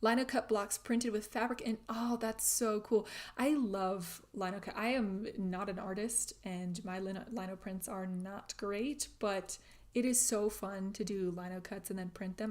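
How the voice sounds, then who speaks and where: Young woman chatting on a craft livestream, laughs a lot, soft little asides, middle pitch. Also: fairly even intonation, moderate pace. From grew up speaking German at home in the US. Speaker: crafting channel host. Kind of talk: casual livestream chat reading comments.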